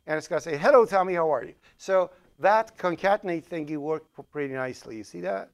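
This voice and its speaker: Coding live in front of a class, this Persian-accented man talks quickly in a slightly high, creaky voice. His lecture is full of fillers and self-corrections as he reasons out loud.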